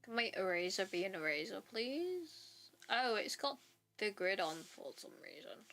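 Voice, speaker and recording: A woman's voice: medium pitch, normal speed, creaky, pushed and bright. Rambling young woman chatting while drawing. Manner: rambling, self-interrupting, trails off. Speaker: artist streamer. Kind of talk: casual chat while drawing. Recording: faint background music.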